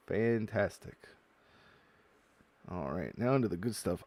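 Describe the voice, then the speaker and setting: A man with an unhurried, drawn-out delivery chats his way through a box of trading card packs. He reads card text aloud and breaks into loud excitement over good pulls. The voice sits close and dry, with little room sound. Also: fairly low pitch, vocal fry, dry recording. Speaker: card-opening video host. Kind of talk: casual unboxing commentary.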